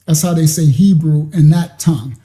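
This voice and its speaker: Very dark-voiced male preacher. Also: on the high side, normal speed. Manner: rambling, keeps asking "you understand?". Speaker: religious teacher. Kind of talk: live-streamed scripture teaching.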